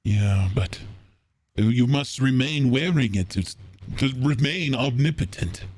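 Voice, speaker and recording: A man, the dungeon master, playing a cautious, secretive spy master who speaks in measured, weary tones. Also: medium pitch, lively intonation, a little mellow. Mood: grave. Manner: measured, grave, weary sighs. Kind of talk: tabletop role-play voice acting.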